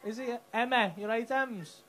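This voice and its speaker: A man's voice: very high voice, moderate pace. A man doing cheeky, crude crowd work on a comedy club stage. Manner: cheeky, crude banter with the audience. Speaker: stand-up comedian. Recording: live club with loud crowd and noise. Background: loud crowd laughter.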